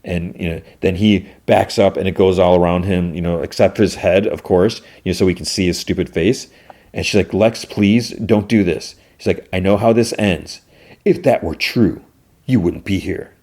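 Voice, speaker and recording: A man's voice: sits low, normal speed, a little mellow. A man hosting a podcast, casually retelling a TV episode scene by scene and quoting the characters as he goes. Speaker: podcast host. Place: home.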